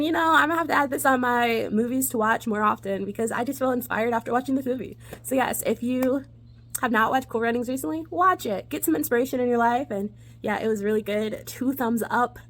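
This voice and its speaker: A young woman hosting a casual movie review vlog, bubbly and enthusiastic, giggling as she talks. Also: medium pitch.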